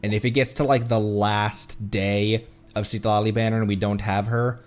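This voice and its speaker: A man's voice: lowish voice, flat delivery, moderate pace, faint music behind. A young man streaming a game, chatting casually and thinking aloud in a playful way. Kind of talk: casual gaming commentary.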